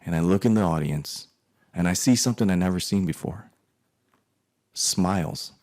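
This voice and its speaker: A man in his forties telling his own story, his voice very deep and full of gravelly fry. He rambles and swears freely, dropping into muttered asides. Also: normal speed, a little mellow. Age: 40s. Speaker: artist telling a life story. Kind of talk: profane personal storytelling monologue.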